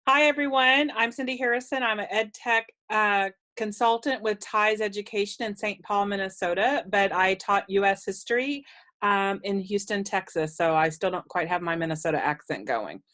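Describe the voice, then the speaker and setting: A woman's voice: medium pitch, moderate pace, a bit bright. A woman who works as an ed tech consultant, introducing herself in a friendly, chatty way over a video call.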